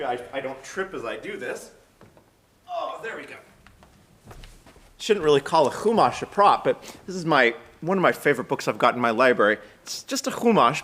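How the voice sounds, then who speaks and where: Fast-talking American man giving a sermon. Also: mid-range voice, a bit bright. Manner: chatty, self-deprecating, fast-talking. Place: synagogue sanctuary, live stream.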